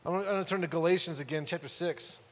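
Male pastor, high pitch, chatty sermon delivery with loud emphatic peaks, hall reverb. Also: racing. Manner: conversational preaching, rhetorical questions, rises to loud emphasis.

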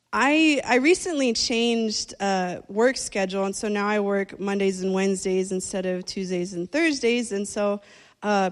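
A young woman preaching at a church service, telling a story with laughs and restarts, then leading an earnest prayer. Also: medium pitch.

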